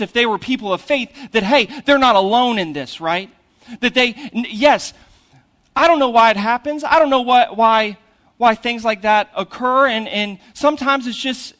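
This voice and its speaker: Male pastor, high voice, chatty sermon delivery, swings between loud emphasis and quiet retelling. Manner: conversational, asks "right?" after most points.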